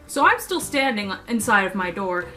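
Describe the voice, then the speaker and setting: A woman's voice: mid-range voice, very animated, moderate pace, sharp tone, faint music behind. A young woman vlogger telling a story to camera in a playful, self-mocking way.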